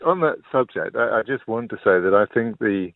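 A man's voice: on the low side, expressive, fairly quick, vocal fry, no room sound. An English man calling in to a radio show, telling stories in a chatty, easygoing way. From England. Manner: chatty, anecdotal. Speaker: radio caller. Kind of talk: casual phone-in chat. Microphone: telephone. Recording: tinny phone line.

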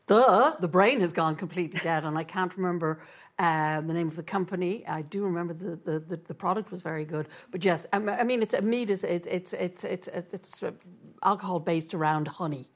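A man's voice: sits high, a little fast, a bit bright. A man on a radio talk show, rambling with many restarts.

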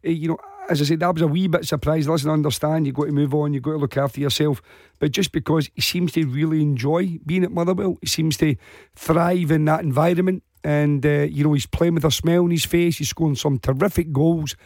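A hoarse man with a Glaswegian accent, talking football as a pundit on a radio phone-in. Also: a little high, steady tone, fast, a little mellow, no echo, studio quality. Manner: chatty, rambling, many fillers.

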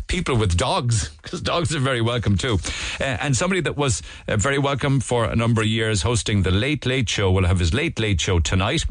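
Deep-voiced Irish radio host. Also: male voice, no echo. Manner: chatty and digressive, with frequent restarts and asides. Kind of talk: casual newspaper review chat.

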